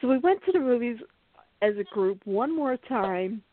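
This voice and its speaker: A woman's voice: on the high side, moderate pace. Woman storyteller on a tinny line. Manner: animated, laughs through her story. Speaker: podcast host. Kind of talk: casual storytelling. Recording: tinny phone-like line, dry.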